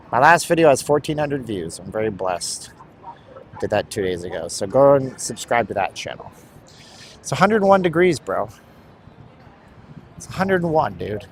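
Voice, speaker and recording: A man's voice: lowish voice, animated, normal speed, pauses often. A man live-streaming while walking outdoors on a hot city street, bluntly rambling to his chat. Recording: street traffic noise.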